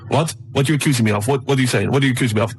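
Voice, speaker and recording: A man's voice: fairly high pitch, sing-song, racing, a bit bright, husky, heavily acted. A man voicing an indignant male shop customer who protests that he is being accused of stealing. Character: angry male shop customer denying theft.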